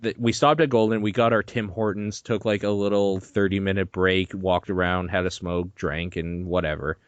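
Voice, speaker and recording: A young man with a lowish voice tells a story on a podcast, animated and profane, laughing as he goes. The sound is dry and a little dull, like a lo-fi home recording. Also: normal speed, no room sound. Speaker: podcast host. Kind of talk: casual chat.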